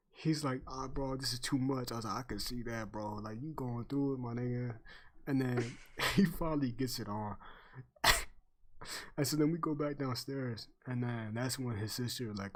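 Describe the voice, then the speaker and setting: A man's voice: medium pitch, fairly bright tone. A young man chatting casually on stream, telling a story full of slang and swearing and laughing often.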